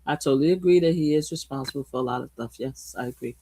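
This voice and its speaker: A woman from Brooklyn hosting a casual political livestream, blunt and profane, swinging between loud outbursts and quiet asides. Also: a bass voice, quick pace, breathy edge. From Brooklyn, USA. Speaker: livestream host. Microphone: streaming mic.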